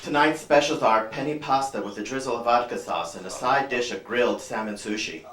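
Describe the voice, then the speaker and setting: Comic doing a prissy low-voiced waiter, smooth and fussy, roomy club sound. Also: male voice, a bit bright. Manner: smooth, fussy recital of fancy dishes. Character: pretentious male fusion restaurant waiter. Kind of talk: stand-up bit. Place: comedy club.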